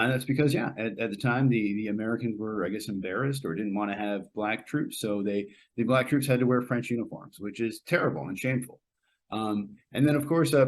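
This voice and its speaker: A middle-aged man hosting a podcast, giving a casual, rambling film review full of fillers and restarts. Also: lowish voice.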